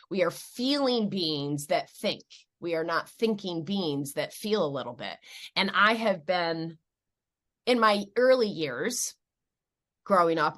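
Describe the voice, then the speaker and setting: A woman in her forties from upstate New York, telling stories in an interview and jumping high and loud when she gets excited. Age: 40s. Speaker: guest. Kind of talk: animated interview storytelling.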